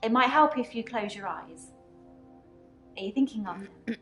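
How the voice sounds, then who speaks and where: A troubled young woman patient speaks with earnest, halting sincerity. Her voice sits fairly high. The recording sounds roomy, with soft music underneath. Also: lively intonation. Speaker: game character.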